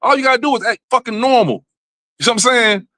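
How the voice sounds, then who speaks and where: A man's voice: very high voice, fast talker, pushed and bright, no echo. A man hosting a comedic livestream, riffing in loose, profane rants full of repeated fillers. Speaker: show host. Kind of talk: casual comedic livestream commentary.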